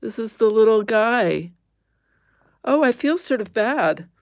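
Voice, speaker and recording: Woman host, casual livestream chat, unhurried with a gravelly edge, dry close sound. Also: a little high, animated, no echo. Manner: chatty, easily amused, squeamish exclamations.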